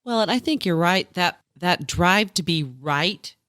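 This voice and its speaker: A woman's voice: on the low side, lively intonation, a little slow, a bit bright, no echo, studio quality. A woman hosting a podcast interview, reacting with short "oh"s and asking follow-ups in a casual chat. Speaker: podcast host.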